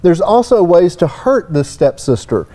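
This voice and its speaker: With a warm, high-sitting voice that swings a lot in pitch, a Southern-accented surface-finishing expert speaks at a measured pace as a panel guest. He's on a trade expo stage, giving casual, folksy, rambling technical talk full of "you know."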